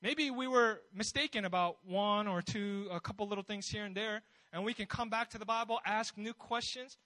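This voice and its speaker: A man's voice: high voice, normal speed, bright, forceful tone, dry recording, rough recording. A man preaching a sermon in a conversational way, building his points with rhetorical questions and bold emphasis.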